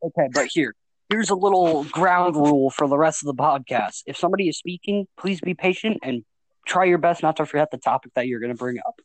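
A man's voice: fairly high pitch, fairly quick, no echo, poor audio. A man co-hosting a casual podcast, sarcastic and bossy about the rules. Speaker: podcast co-host.

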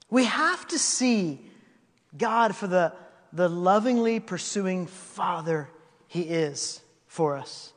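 A man tells a sermon as a story, his voice sitting high for a man. He acts out the quotes and swings between loud bursts and hushed lines. A long reverb trails behind him in a large church hall. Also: animated, takes it slowly. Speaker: pastor.

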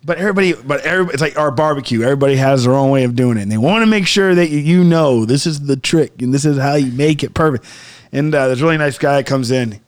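A man's voice: medium pitch, fast talker. A man with a Cajun accent in casual podcast chat, telling stories, swearing and laughing. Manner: storytelling with quoted voices, swearing, laughing. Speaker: podcast co-host.

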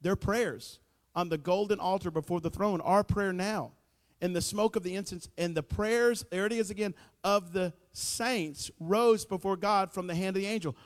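Male pastor, high tenor, folksy fervent preaching, big echoey church sound. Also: normal speed. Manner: folksy, preachy, builds to shouting emphasis. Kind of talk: sermon. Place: church sanctuary.

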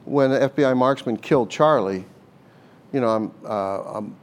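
A man's voice: medium pitch, normal speed. Earnest older man telling stories. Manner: earnest, repeats words while thinking, laughs often. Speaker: former hostage negotiator, guest. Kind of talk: conversational interview storytelling.

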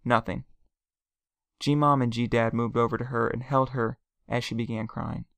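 A man narrating a first-person story in a quiet, plain storytelling manner. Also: mid-range voice, fairly even intonation, moderate pace, creaky, clean tone, no room sound.

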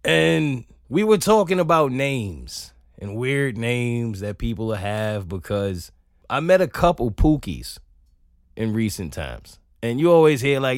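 A man hosting a podcast, telling funny stories in an animated, laughing, profane comic monologue, close on a studio mic. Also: medium pitch, slow, dry recording. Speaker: podcast host. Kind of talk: comedic solo monologue.

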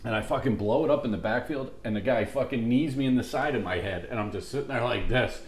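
A man co-hosting a podcast, swearing freely in casual, animated chat about old football games. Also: mid-range voice, fast talker, roomy sound. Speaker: podcast co-host.

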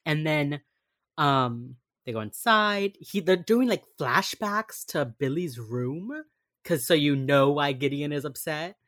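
A young woman co-hosting a casual chat, recapping a TV episode and acting out quotes with sudden loud bursts. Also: low-pitched, lively intonation, takes it slowly. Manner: chatty, acts out quotes with sudden yells. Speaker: podcast co-host recapping a TV episode.

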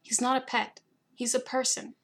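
A woman's voice: a little high, flat delivery, moderate pace, vocal fry, pitched above the performer's own voice. A woman reading aloud, voicing an earnest young heroine who protests firmly. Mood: indignant.

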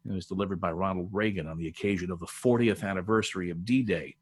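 A man's voice: deep voice, steady tone, fast, slightly rough. An older man, a veteran broadcaster, telling stories as a podcast guest in a rambling, restarting way. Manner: digressive storyteller with frequent restarts and laughs. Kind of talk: casual podcast conversation, storytelling.

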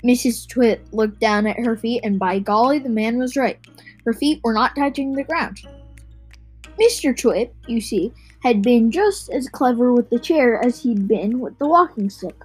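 A woman reads a children's storybook aloud in a fairly high voice, taking her time and now and then stumbling and restarting a word. Soft music plays faintly beneath her reading. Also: breathy edge, rough recording. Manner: unhurried, with small slips and restarts. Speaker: reader.

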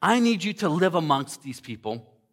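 A man voicing God the Father, calmly instructing his son in an earnest, commanding way. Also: on the high side, moderate pace.

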